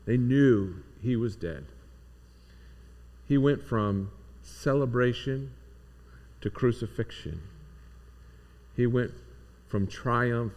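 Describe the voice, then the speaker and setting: Male pastor, unhurried and low-pitched, earnest reflective sermon delivery. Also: a little mellow.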